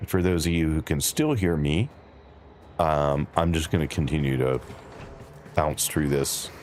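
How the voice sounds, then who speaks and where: A man's voice: rumbling low, unhurried, a little hiss or hum. A man casually chatting with his viewers while playing a game on a live stream. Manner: relaxed, chatty, talks to chat by name.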